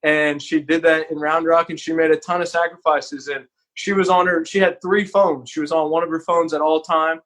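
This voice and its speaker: Man, high pitch, Texan, podcast guest, earnest, candid, casual storytelling. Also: little pitch movement, normal speed, hardly any pauses, fairly bright tone.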